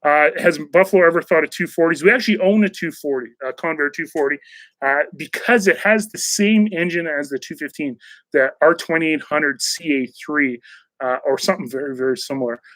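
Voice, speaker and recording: Casual live-stream host, man, slightly higher pitch, dry close recording, friendly rambling delivery full of fillers. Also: fairly quick, a bit bright, no room sound, low-quality recording. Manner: chatty, rambling, frequent fillers and restarts. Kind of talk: casual live-stream chat, reading donor messages.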